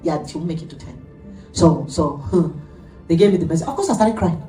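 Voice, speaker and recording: Animated woman preacher, echoey room. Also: low-pitched, fairly quick, soft background music. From Nigeria. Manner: animated storytelling preacher, laughs often. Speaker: pastor. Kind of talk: sermon. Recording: echoey room, heard from a distance.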